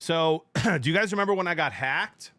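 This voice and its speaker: A man's voice: on the high side, lively intonation, moderate pace, pushed and bright, dry recording. A man in his thirties, a streamer, telling a rambling story in casual chat with his viewers.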